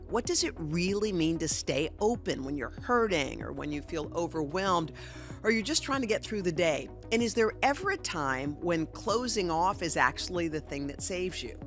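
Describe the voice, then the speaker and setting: A middle-aged woman hosting a podcast, asking questions in an earnest, expressive way and laughing easily. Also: lowish voice, moderate pace, faint music behind. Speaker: podcast host. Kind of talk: warm interview conversation.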